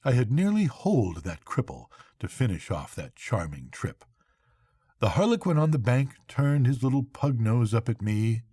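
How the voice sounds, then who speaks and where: An older man, a grandfather, reading a classic novel aloud to his grandchildren at bedtime in an unhurried, expressive way. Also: medium pitch, breathy edge, no room sound.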